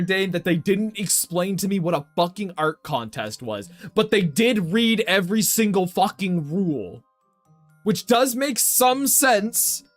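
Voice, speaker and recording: A man's voice: sits high, fairly bright tone. A young man livestreaming while he draws, chatting straight to his viewers and ranting with plenty of swearing. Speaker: artist streaming his drawing. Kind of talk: casual livestream chat.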